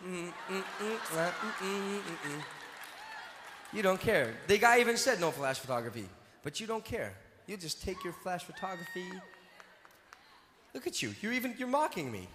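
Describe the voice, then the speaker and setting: A man's voice: sits high, lively intonation, moderate pace, a bit bright, some chatter behind, slight background noise. A male singer joking with his audience from the stage, teasing and mock-scolding them in a playful way. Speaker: singer performing live. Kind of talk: stage banter with a concert audience. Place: large concert venue with seated tiers. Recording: live concert hall reverb with music.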